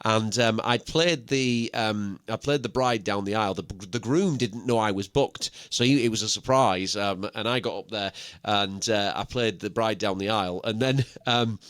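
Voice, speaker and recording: A man's voice: fairly low pitch, a bit bright, smooth, no room sound. A man hosting a casual live-stream chat as a wedding musician, joking often and talking with lots of fillers. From England. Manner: chatty, jokey, quick to laugh, lots of fillers.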